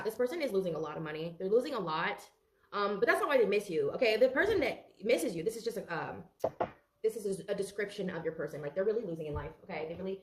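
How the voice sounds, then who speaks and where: Fast-talking woman reading tarot. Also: medium pitch, echoey room, a little hiss or hum. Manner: chatty, emotional, swears casually, talks straight to viewers. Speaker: tarot reader. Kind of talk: casual tarot reading to camera.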